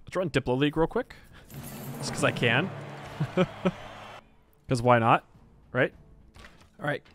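A man's voice: medium pitch, unhurried, noisy background. A man casually commenting on his own strategy game as he plays, chatting wryly to himself and to the characters in the game. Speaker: streamer. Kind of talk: live gameplay commentary.

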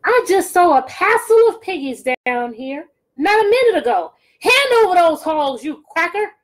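A woman voicing a shrill, bossy witch who screeches insults at farm animals in a read-aloud storybook. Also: big pitch swings, moderate pace. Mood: shrieking angry.

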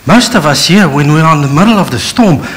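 A middle-aged pastor with a South African English accent preaches a sermon, acting out Bible scenes in different voices and switching between storytelling and direct address. His voice is a little high, animated, fairly quick and a bit bright, and the recording is rough.

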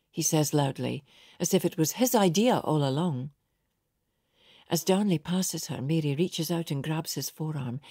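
A woman with a husky, slightly low voice reads a historical novel at an unhurried pace. Her tone is dark and mellow, and the recording is dry and close, with no room sound. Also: no echo. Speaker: audiobook narrator. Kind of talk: scripted narration.

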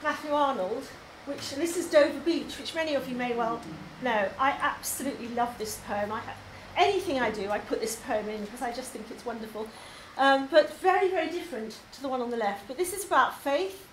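Talking briskly and barely pausing, the English woman has a high, expressive voice. She's a poetry tutor pitching her course to a group at a labour club hall, chatty and eager with frequent ums, recorded amid echo and faint noise.

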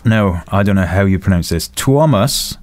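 A man co-hosting a podcast in casual chat, playful and quick to laugh as he reads out listener questions. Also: sits low, steady tone, darkish tone. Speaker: podcast co-host.

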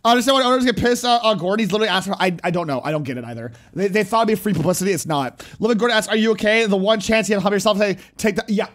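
A young man streams a casual reaction to a TV clip, joking excitably and talking back at the screen. His high voice races along with few pauses, and faint music plays behind him.

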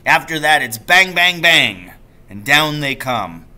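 A man's voice: mid-range voice, sharp tone. A male teacher voicing a sly, secretive father in a storybook reading, drawing out his words conspiratorially. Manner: slow, drawn-out, conspiratorial.

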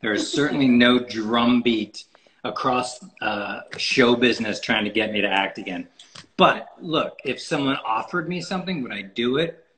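A man's voice: medium pitch, moderate pace, a bit bright, slight background noise, poor audio. A man talking as a guest in a casual interview, rambling with many fillers and restarts. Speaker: photographer guest. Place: podcast recording.

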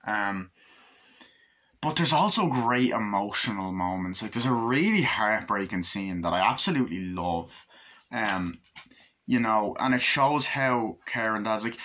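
A young man giving a casual spoken film review, rambling and acting out scenes in quick impressions. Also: lowish voice, lively intonation, a bit bright. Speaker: movie reviewer.

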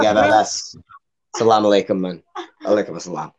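A man's voice: on the low side, a little fast, over a noisy crowd. A young Glaswegian man doing a rambling, sweary stand-up set at an online open mic, tagging lines with "man". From Scotland. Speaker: stand-up comedian.

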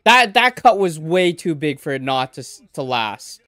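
A man reacting live to an anime episode, excitable and exclaiming, swearing in casual slang. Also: on the high side, normal speed, no room sound, studio quality.

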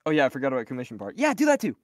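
Playful, animated man chatting. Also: mid-range voice, very fast, no room sound, studio quality. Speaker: voice actor guest. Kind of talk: casual chat.

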